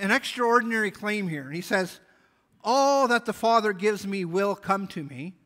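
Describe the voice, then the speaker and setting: A man's voice: high voice, pushed and bright. A man pastor preaching a sermon, reading scripture aloud and explaining it earnestly. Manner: earnest Bible exposition, reading scripture aloud with small restarts.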